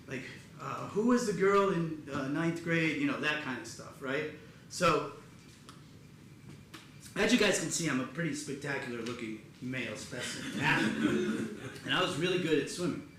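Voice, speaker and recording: A man performing live storytelling comedy in a theater, animated and acting out other people's voices in loud bursts. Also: a little high, normal speed, a little hiss or hum. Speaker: comedian performing a one-person show. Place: theater stage before a live audience. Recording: echoey theater with audience ambience.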